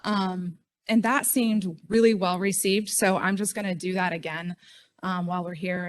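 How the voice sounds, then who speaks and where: A middle-aged woman giving a chatty, self-deprecating speech at a conference podium. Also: mid-range voice. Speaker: state official speaking at a conference.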